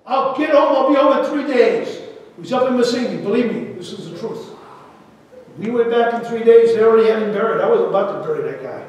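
An older male preacher tells his story from the pulpit, his high voice swinging between loud outbursts and near-whispers. He sounds far from the mic, in a big hall that rings with a long echo. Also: expressive, fairly quick. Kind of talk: sermon testimony. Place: large church hall.

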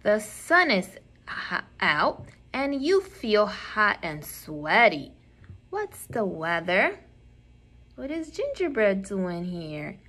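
A woman teacher giving a lesson and reading aloud to young children, slow, clear and encouraging. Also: medium pitch, sing-song, sharp tone.

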